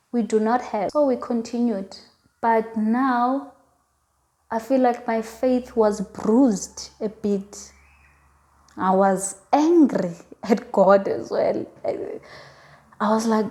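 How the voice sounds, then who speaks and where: A woman's voice: mid-range voice, fairly even intonation, a little slow, dark tone. A woman telling a personal faith testimony in a casual, earnest way, often repeating herself as she talks. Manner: earnest, emotional, repeats words and phrases. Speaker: vlogger sharing a faith testimony.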